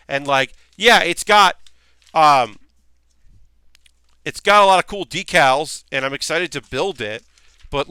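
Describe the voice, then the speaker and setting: While building a model kit on a live stream, a man chats casually with viewers, ranting and rambling in an annoyed way with lots of fillers and restarts. His voice is bright, clear, and slightly high. A close mic keeps the sound dry, with no room sound at all.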